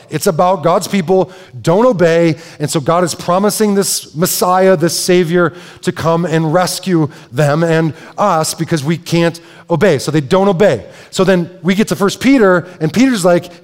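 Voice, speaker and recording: A man preaching to his congregation, his voice a touch higher than most men's. He talks loosely, restarting phrases and tossing in asides. The sound rings with the long reverb of a large church sanctuary. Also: normal speed, few pauses. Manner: conversational, self-interrupting with repeated words and asides. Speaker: pastor. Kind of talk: sermon.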